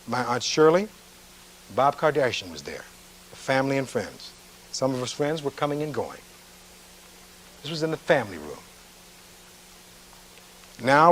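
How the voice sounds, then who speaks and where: A man's voice: mid-range voice, slight background noise, rough recording. Man giving a courtroom closing argument. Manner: reads testimony aloud, then asks pointed rhetorical questions. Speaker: defense attorney.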